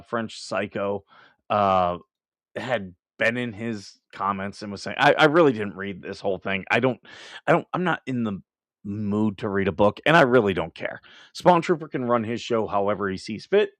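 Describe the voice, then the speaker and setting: A man's voice: fairly low pitch, no room sound, studio quality. A man hosting a live stream, ranting and laughing as he comments, with many restarts. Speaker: livestream host.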